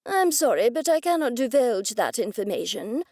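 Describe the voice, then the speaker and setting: A man's voice: extremely high pitch, sing-song, moderate pace, a little mellow, no echo, studio quality, exaggerated voice. A woman reading an audiobook, voicing a curt, guarded lawyer with clipped official speech.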